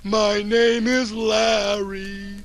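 A man chanting a repetitive song loudly, in a shouty way. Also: high voice, flat delivery, drawn-out words, soft background music. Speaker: amateur singer.

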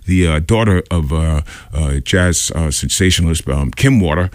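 This studio-quality clip with no echo features a radio host whose voice rumbles low. He moves at a moderate pace with hardly any pauses, rambling through a story, using lots of fillers and voicing the people in it.

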